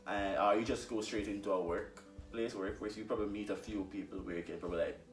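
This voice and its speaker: A Jamaican man with a low voice talks casually and unhurriedly, pausing with fillers as he thinks. He sounds a little far from the mic in an echoey room, with faint music behind. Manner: relaxed, halting, many fillers. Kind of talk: casual conversation.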